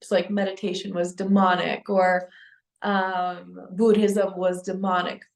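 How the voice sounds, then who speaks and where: A woman's voice: lowish voice, little pitch movement, vocal fry. Young woman talking earnestly to camera, lots of ums and restarts, echoey room. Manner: earnest, halting with many restarts and fillers. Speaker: spiritual vlogger. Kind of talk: personal testimony to camera.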